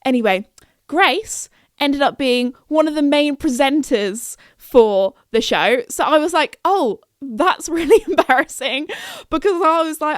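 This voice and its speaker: A young woman tells a story on her podcast in a loose, chatty way. She giggles often and leaps into high, bright voices when she quotes people. Her voice sits somewhat high, and the recording is close and dry with no room sound. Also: animated, moderate pace, no room sound. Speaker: podcast host. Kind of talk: casual storytelling chat.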